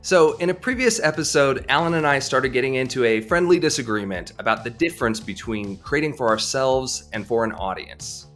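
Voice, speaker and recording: A podcast co-host on an advice show pushes back thoughtfully in a conversational debate, hesitant and full of fillers and restarts. His medium-pitched, fairly bright voice moves briskly with hardly any pauses, over soft background music.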